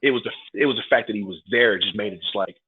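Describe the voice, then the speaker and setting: Deep husky man over a phone line. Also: rapid-fire, background noise. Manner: heartfelt, rambling with many fillers of "like" and "man". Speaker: professional wrestler, podcast guest. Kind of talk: casual interview storytelling. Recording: phone-like narrow band audio.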